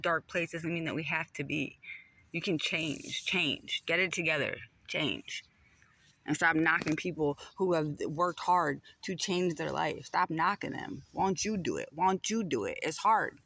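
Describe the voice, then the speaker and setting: A man's voice: on the high side, sharp tone, dry recording. A man delivering a heated personal rant to the camera, repeating phrases for emphasis.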